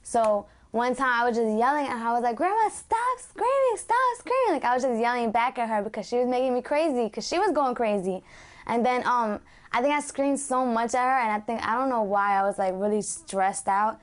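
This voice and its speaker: A woman tells a personal story in a loose, casual way, filling it with "like" and "I was like". Her voice is a bit high. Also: steady tone, a little fast. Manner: casual, storytelling, lots of 'like'. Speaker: granddaughter. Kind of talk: documentary interview.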